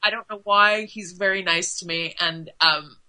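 Bright, chatty woman guest. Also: lowish voice, poor audio. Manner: chatty, animated, with many fillers and quick asides. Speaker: interview guest. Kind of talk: casual interview chat.

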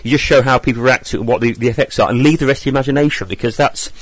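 A man talks through his thoughts in a quick, rambling flow, often stopping to correct himself. His voice sits at a middling pitch, and the recording is dry and close with no room sound. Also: slightly rough, dry recording. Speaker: listener sending recorded feedback. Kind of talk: casual spoken review.

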